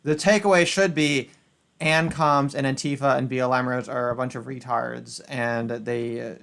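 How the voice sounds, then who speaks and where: A man hosting a stream, talking in a sarcastic, crude way that swings between loud outbursts and low mutters. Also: fairly even intonation, normal speed, gravelly. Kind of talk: casual political chat.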